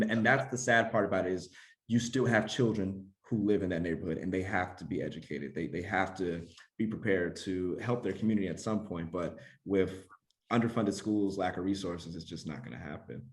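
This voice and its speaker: A man, a special education administrator, speaking as a guest in a conversational interview, thoughtful and full of restarts. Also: lowish voice. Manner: thoughtful, many restarts and fillers.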